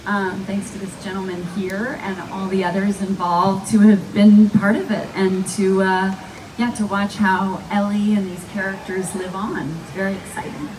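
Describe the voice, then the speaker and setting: Lively woman panel guest, mid pitch, heard from a distance. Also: normal speed. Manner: animated, laughs while telling stories. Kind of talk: live panel storytelling. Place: live fan event panel. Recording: distant mic with faint background noise.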